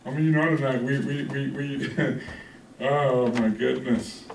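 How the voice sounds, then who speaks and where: A man's voice: mid-range voice, fairly even intonation, unhurried, gravelly, a little hiss or hum. Preaching man in an echoey church. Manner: conversational preaching with call-outs to the congregation. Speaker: pastor. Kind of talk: sermon. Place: church hall. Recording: echoey room from a distance.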